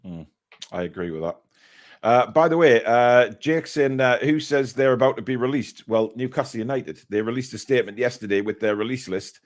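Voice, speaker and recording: A man's voice: medium pitch, brisk. A man hosting a casual live stream, reading out viewer messages and giving blunt opinions.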